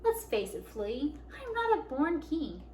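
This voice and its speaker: A woman's voice: sing-song, a little slow, darkish tone, slight background noise. Woman playing a roaring lion king. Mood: timid. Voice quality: booming roars, grows from timid to commanding. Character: proud young male lion king, bold. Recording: echoey room.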